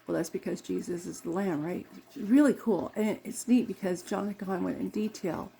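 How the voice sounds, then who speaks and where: A woman's voice: lowish voice, brisk, creaky, dark tone, slight background noise. A woman vlogger chatting casually and rambling, with frequent laughs and self-corrections, while doing her makeup.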